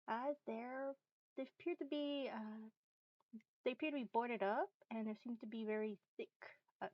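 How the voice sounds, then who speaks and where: Woman, game master, tabletop narration, higher voice, dry dull lo-fi mic. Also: no room sound. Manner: hesitant, many fillers and restarts.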